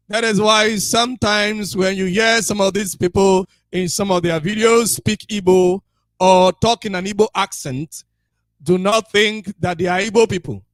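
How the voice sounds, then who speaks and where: High-voiced insistent male radio commentator. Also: fairly bright tone, no room sound. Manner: insistent, rhetorical questions to listeners.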